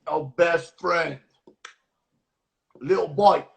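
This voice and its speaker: A man hosting a casual livestream cooking class, talking in a goofy, playful way with mock-rough slang. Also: on the high side, extremely slow.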